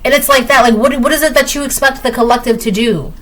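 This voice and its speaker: Woman doing a tarot reading, slightly high voice, keeps hammering her points home. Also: fast, fairly bright tone. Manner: emphatic and repetitive, talking straight to viewers. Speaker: tarot reader. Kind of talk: collective tarot reading monologue.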